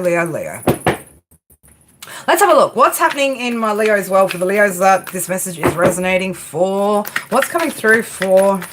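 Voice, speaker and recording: Blunt, swearing woman tarot reader. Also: fairly low pitch. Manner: blunt, swearing, animated, repeats "right?". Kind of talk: casual tarot reading. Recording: noisy room with clicks and jangling.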